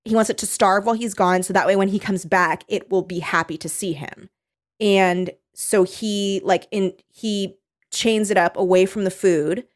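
Woman co-host, mid-pitched, casual and rambling book recap. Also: steady tone, normal speed. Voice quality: loose and rambling, with many "like"s. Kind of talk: casual chat about a book.

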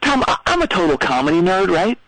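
A man's voice: high-pitched, very animated, a little fast, a bit bright, no room sound, low-quality recording. A man calling in to a radio comedy show, telling a rambling story with lots of stammers and restarts. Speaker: caller.

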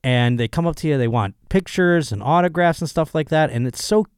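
Male podcast host, hoarse, rambling and profane, dry close mic. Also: on the high side, fairly quick, no echo. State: hoarse, voice still recovering. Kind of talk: casual solo podcast monologue.

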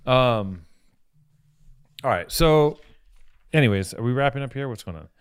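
A man's voice: medium pitch, lively intonation, a little slow, smooth, no room sound. A man hosting a podcast in casual banter, crude and joking, rambling through stories. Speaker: podcast host.

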